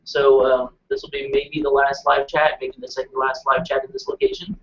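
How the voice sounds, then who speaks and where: A man's voice: mid-range voice, moderate pace, a bit bright, highs cut off. A man co-hosting a casual live-stream chat from a hot room at home, easygoing and hesitant, with many ums.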